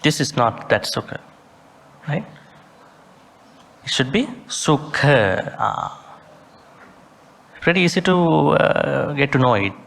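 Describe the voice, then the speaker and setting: Slow-spoken monk teaching Pali pronunciation. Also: male voice, on the high side, lively intonation, vocal fry, fairly bright tone. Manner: slow, deliberate, sounds out Pali words and recites them with care. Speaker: Buddhist monk teaching a sutta class. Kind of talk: Pali study lesson.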